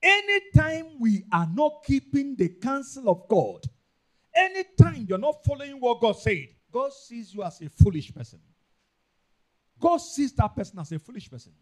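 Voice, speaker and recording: A man with a Nigerian accent preaching a sermon, emphatic and repetitive, rising into loud bursts. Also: very high voice, very animated, moderate pace. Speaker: pastor.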